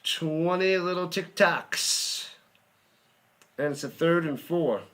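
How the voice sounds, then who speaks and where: Slow-talking man calling plays. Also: fairly high pitch, fairly bright tone. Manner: chatty, hums and jokes between plays, rising on big plays. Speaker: live play-by-play streamer. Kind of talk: live play-by-play commentary.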